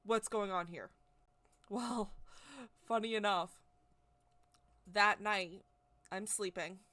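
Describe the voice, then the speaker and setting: A woman's voice: mid-range voice, takes it slowly, no room sound. Chatty woman vlogger, full of "like". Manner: chatty, rambling, heavy use of "like"; excitable, animated retelling. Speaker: witchcraft vlogger. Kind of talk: casual personal storytelling to camera.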